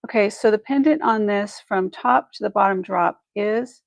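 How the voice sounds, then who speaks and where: A woman's voice: medium pitch, measured pace, creaky, no room sound, rough recording. A woman hosting a live online jewelry sale, chatty and effusive, thinking aloud as she measures pieces and thanks buyers. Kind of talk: live shopping stream chat.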